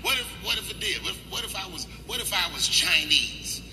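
A man doing stand-up comedy, profane and animated, swinging between loud and quiet. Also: high voice, fairly quick. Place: live comedy venue. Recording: roomy hall reverb with music.

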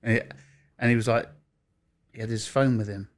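A man telling animated stories in casual podcast chat, laughing as he goes and acting out what people said. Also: mid-range voice, brisk. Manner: animated anecdotes, laughs while telling, acts out quotes. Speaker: podcast co-host, former football interviewer.

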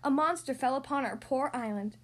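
A woman voicing a grumpy older male building superintendent in a read-aloud storybook, gruff and grumbling. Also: extremely high pitch, fairly quick, a bit bright. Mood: solemn.

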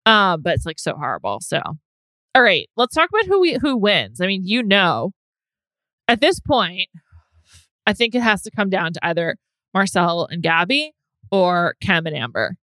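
Animated, chatty young woman co-host. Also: fairly low pitch, no room sound. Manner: chatty, animated, quick to laugh. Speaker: podcast co-host. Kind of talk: casual chat.

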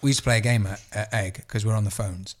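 A man's voice: lowish voice, steady tone, fast talker. English man, podcast co-host, casual chat, sweary, jokey, does voices in his stories. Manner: sweary, jokey storyteller who acts out voices.

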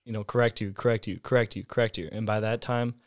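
Flat, low-voiced young man rambling. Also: fast, no room sound, clean studio sound. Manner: relaxed, rambling, heavy on filler words. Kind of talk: casual chat.

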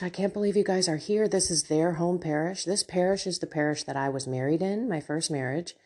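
Middle-aged woman talking openly, kinda emotional, low-ish voice. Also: darkish tone. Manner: emotional, confessional, with laughs. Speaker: podcast host. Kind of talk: personal reflective talk.

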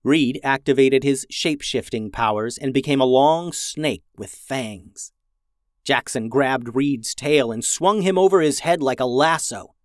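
Gentle male storyteller with a dry, close sound. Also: medium pitch, dry recording. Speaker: children's podcast storyteller. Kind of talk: scripted story narration.

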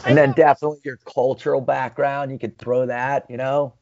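A man's voice: medium pitch, little pitch movement, fairly quick, vocal fry, a little mellow, dull audio. A man chatting casually as a podcast guest, rambling with frequent restarts. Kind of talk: casual chat.

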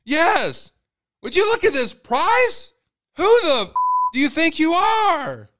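A man voicing a cranky old man who shouts his outrage at grocery prices. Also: extremely high pitch, big pitch swings, slow pace, voice pushed up, exaggerated voice. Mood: outraged. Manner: bellowing outraged complaints.

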